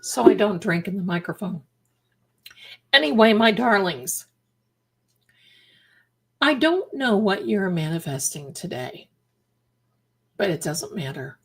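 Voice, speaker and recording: A middle-aged woman hosts a casual livestream at an unhurried pace. She talks emphatically and repeats her lines for effect, calling her viewers darlings. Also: mid-range voice, big pitch swings, husky. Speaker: livestream host.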